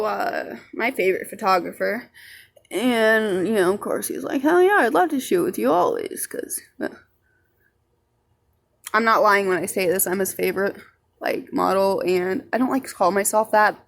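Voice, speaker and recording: A woman's voice: mid-range voice, fairly bright tone. A young woman telling a rambling story in a casual vlog, swearing freely and chatty. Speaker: vlogger.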